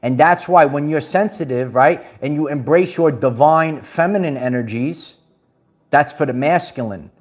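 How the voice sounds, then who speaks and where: A man's voice: a little high, normal speed. A man from Brooklyn, talking to his viewers in an emphatic, preachy way and repeating his phrases. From Brooklyn, New York. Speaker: spiritual empowerment vlogger. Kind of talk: livestream motivational talk.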